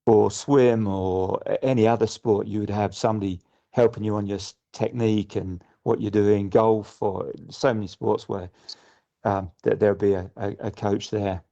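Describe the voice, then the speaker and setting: Middle-aged guy on a podcast, mellow low voice, kinda muffled lo-fi sound, lots of restarts. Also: fairly even intonation, normal speed, vocal fry. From United Kingdom. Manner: thoughtful, many restarts and fillers. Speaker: guest sailor. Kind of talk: casual podcast interview. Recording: muffled lo-fi audio.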